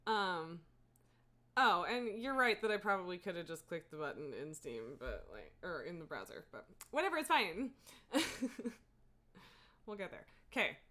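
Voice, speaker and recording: A woman's voice: fairly low pitch, expressive, normal speed, pushed and bright. Rambling, giggly woman streamer. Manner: rambling, filler-heavy, laughs often. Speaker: livestreamer. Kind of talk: casual gameplay chat.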